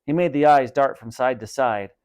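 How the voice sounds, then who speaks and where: A man, a teacher, reading a storybook aloud with expressive narration. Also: medium pitch, normal speed, clear, resonant tone.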